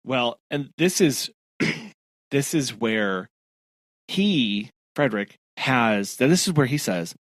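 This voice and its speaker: A podcast co-host chats casually about a book for a book-club discussion, getting animated and acting out quotes from the characters. His mid-range voice moves slowly, recorded in studio quality with no echo.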